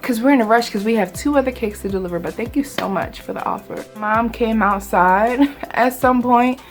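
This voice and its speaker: Animated woman telling a storytime. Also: fairly high pitch, normal speed, faint music behind. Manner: animated, dramatic, conversational. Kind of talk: casual storytime vlog.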